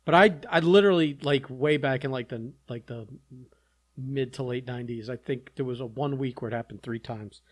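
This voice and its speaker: A man's voice: medium pitch, fairly quick. A man, a podcast co-host, telling a rambling anecdote in casual chat.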